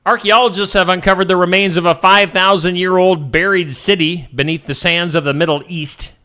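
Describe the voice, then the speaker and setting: A man's voice: sits high, steady tone, a little fast, sharp tone. A man hosting a morning show in casual chat, reading odd news stories and joking about them. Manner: jokey, reads headlines then riffs on them.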